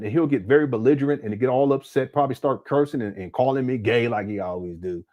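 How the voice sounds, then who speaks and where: A man hosting a commentary channel runs a casual live-stream, speaking briskly at medium pitch. He rambles animatedly, restarting often and using crude language.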